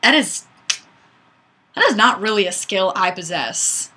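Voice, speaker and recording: A woman's voice: mid-range voice, animated, measured pace, bright, forceful tone. A woman hosting a webcam livestream, reading viewer comments in a chatty, self-deprecating way. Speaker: livestream host. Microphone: webcam mic.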